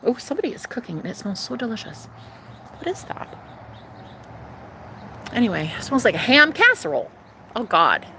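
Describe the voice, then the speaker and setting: Casual woman vlogger, gravelly voice, blunt and profane, moves between whispers and loud emphasis. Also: on the high side, sing-song, moderate pace, pauses often, a little hiss or hum. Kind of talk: casual confessional vlog.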